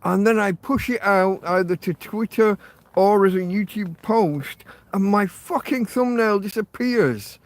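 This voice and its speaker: A man's voice: sits high, a little slow, dry recording. A man hosting a rambling live stream from his phone, sweary and self-deprecating as he rants. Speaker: livestream host. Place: in or by a tent outdoors.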